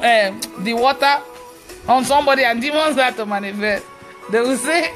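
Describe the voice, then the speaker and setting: A woman leading a live online prayer session who laughs often, exclaims and prays aloud in a relaxed casual way. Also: fairly high pitch, normal speed, soft background music. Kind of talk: casual live-stream ministry talk.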